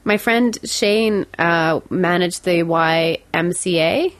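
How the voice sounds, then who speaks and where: A woman's voice: fairly low pitch, takes it slowly, no echo. A woman, rambling through a story on a podcast, giggling often and putting on silly voices. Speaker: podcast co-host. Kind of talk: casual chat.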